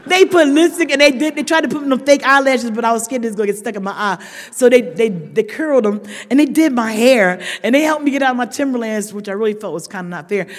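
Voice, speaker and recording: A middle-aged woman telling a dramatic story at a recovery meeting, talking straight to the crowd and swinging between loud outbursts and hushed asides. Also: a little high, lively intonation, fast. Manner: chatty, addresses listeners directly. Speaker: speaker sharing at a recovery meeting. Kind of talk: storytelling share to a live audience. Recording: long reverb of a large hall.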